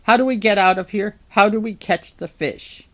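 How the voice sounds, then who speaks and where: A woman voicing a gruff, impatient man who speaks bluntly and commandingly, in a read-aloud story. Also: medium pitch, normal speed, fairly bright tone, close to an everyday voice. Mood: stern.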